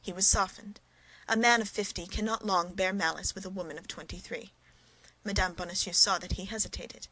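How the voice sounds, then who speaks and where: A woman narrating a classic novel as an audiobook, reading in a measured, clear way. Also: mid-range voice, fairly even intonation, pushed and bright, rough recording. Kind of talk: scripted narration.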